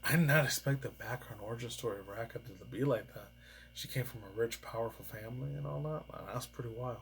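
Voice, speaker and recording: A man's voice: mid-range voice, fast talker, gravelly. A male vlogger rambles through casual reactions and news, dropping profanities and chuckling as he goes. His voice sits in an ordinary middle range. A faint hum lies under the recording. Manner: profane, rambling, often laughing.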